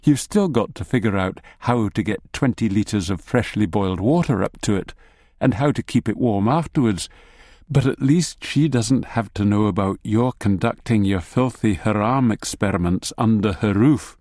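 A man's voice: fairly low pitch, moderate pace, a little mellow, no echo. A man narrating an audiobook in the second person with a wry, dry humour.

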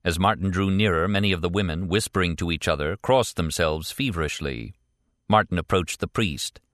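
A man reads an audiobook with measured, even narration. His voice sits on the low side and the recording is close and dry, with no room sound. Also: no room sound. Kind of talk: scripted narration.

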